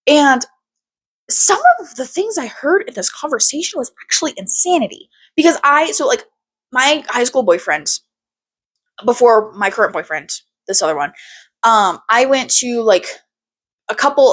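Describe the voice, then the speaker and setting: A young woman hosting a podcast, talking in a candid, animated way, swearing freely and using lots of fillers. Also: fairly high pitch, normal speed. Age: young adult. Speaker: podcast host. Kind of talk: casual chat.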